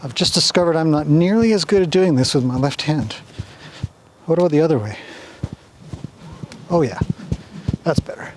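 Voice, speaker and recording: A man working a horse outdoors, explaining his steps in a gentle, chatty way and soothing the animal. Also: fairly high pitch, moderate pace, long pauses. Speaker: horse trainer. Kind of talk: instructional commentary while training. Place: outdoors in a horse pen near a road.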